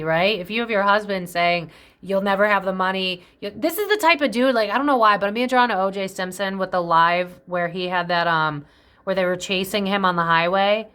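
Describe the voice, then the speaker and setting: A woman's voice: mid-range voice, a bit bright. A woman giving a casual psychic tarot reading. She talks in a chatty, profane, speculative way, jumps between tangents and often acts out quoted voices.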